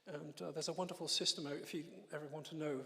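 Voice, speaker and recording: Gravelly man giving an emotional church testimony. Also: fairly high pitch, steady tone, long reverb tail. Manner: emotional, halting storytelling with restarts and soft laughs. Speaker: guest speaker giving testimony. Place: church hall.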